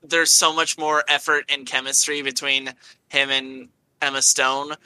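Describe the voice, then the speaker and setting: Bright, emphatic man ranting about films. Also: medium pitch, flat delivery, a little slow, smooth, dry recording, low-quality recording. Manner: opinionated, emphatic complaining. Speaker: podcast co-host. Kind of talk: casual film chat.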